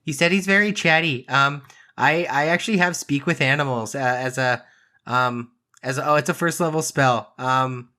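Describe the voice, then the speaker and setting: A man's voice: mid-range voice, normal speed, sharp tone. A man playing a tabletop game, talking hesitantly with many fillers.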